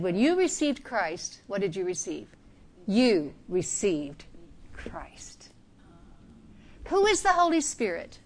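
A woman with a fairly high voice preaches an earnest sermon. She presses hard on key words, then drops to a hushed near-whisper for effect. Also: a little hiss or hum. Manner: earnest, emphatic preaching with sudden soft drops.

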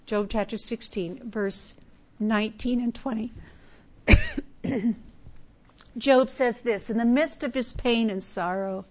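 A woman preaching a sermon in an earnest, emphatic way, dropping now and then to a soft hush. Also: fairly high pitch, slow pace, long pauses.

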